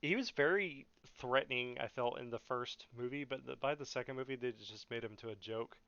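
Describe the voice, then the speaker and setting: A man's voice: medium pitch, fairly quick, fairly bright tone, clear, resonant tone, no echo, highs cut off. A young man hosting a podcast, ranting in a casual, profane, mocking way and often laughing. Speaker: podcast host.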